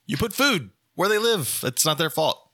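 A man co-hosting a podcast, talking bluntly and jokingly, with quick rants and some swearing. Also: high-pitched, very animated, bright, forceful tone, dry recording, studio quality. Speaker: podcast co-host. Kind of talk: casual podcast chat.

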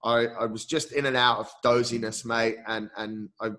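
An endurance coach appears as an interview guest, telling a personal story earnestly and candidly. His medium-pitched voice sounds pushed and bright, with a flat delivery at normal speed. He often says "mate" and keeps restarting sentences.

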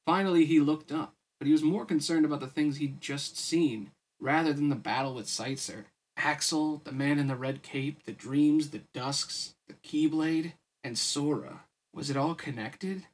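A tired man reads a novel aloud for his podcast. His voice sits fairly high with a husky edge. He drops into casual, weary asides between passages. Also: moderate pace, hardly any pauses. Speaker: podcast host reading a novel. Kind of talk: audiobook-style story reading.

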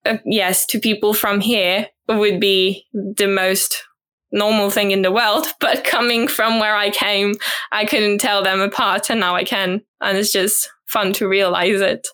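A woman's voice: mid-range voice, little pitch movement, unhurried, fairly bright tone. A young woman whose first language is French, speaking with a British twang as a guest in a casual interview. She is thoughtful and hesitant, with many ums and light laughs. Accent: British English twang. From French-speaking country. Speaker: guest, au pair.

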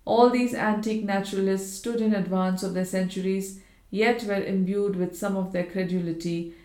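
A woman's voice: medium pitch, fairly even intonation, moderate pace, a little mellow. Woman narrating a classic story. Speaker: audiobook reader. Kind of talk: scripted literary narration. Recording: roomy echo.

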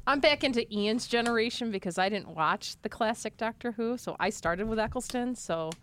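A woman co-hosting a casual group podcast, chatting and quick to laugh. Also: a little high, a bit bright. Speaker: podcast co-host.

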